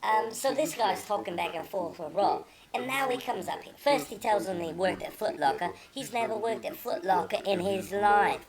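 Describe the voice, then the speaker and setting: A woman's voice: mid-range voice, moderate pace, few pauses, crowd noise. A woman hosting her own channel, giving indignant, mocking commentary as she reads out messages, swearing freely. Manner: profane, mocking and exasperated. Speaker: channel host.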